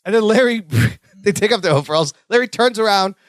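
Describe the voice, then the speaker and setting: A man's voice: sits high, brisk, no room sound, studio quality. A man co-hosting a podcast, casually recapping a sitcom episode with frequent laughs and acted-out lines. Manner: animated, laughs often, acts out characters' lines. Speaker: podcast co-host.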